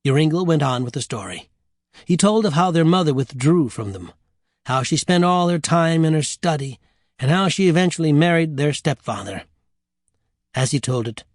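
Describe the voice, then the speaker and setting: A man's voice: fairly high pitch, normal speed, no room sound. Wry male audiobook narrator, dry sound.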